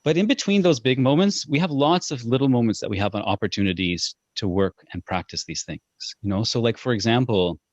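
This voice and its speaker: A man's voice: medium pitch, fairly quick, few pauses, no room sound. A man working as a parenting coach, talking earnestly in an interview and acting out his own inner voice as he tells stories. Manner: earnest, animated storytelling with acted-out inner voice. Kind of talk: conversational interview. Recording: dull lo-fi dry sound.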